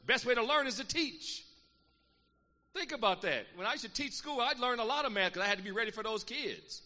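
A middle-aged man preaching a sermon, calling out to the congregation and swinging between loud exhortation and quiet, earnest asides. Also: very high-pitched, animated, a little fast. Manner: call-and-response preaching, calls out "Amen" and "saints". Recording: long reverb of a large hall, faint room noise.

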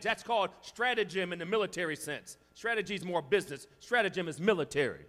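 A man preaching a sermon, swinging between loud, shouted climaxes and quiet asides. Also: high voice, animated, fast. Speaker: pastor. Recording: long reverb of a large hall.

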